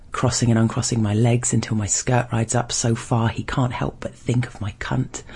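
A man reading a first-person erotic story aloud in a low, measured, intimate way. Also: gravelly, a little mellow, slightly rough.

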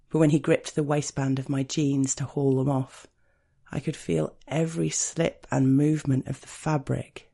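A man narrates an erotic first-person story in an unhurried, hushed, confiding manner. His voice is dark and mellow, with a gravelly fry running through it. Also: medium pitch. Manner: slow, intimate, hushed storytelling.

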